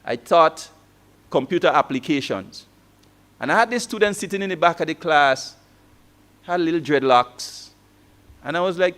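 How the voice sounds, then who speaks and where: Conference keynote speaker, man, high voice, tells stories with rhetorical questions. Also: expressive, moderate pace, pauses often, a bit bright. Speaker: keynote speaker, former lecturer. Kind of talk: motivational conference talk.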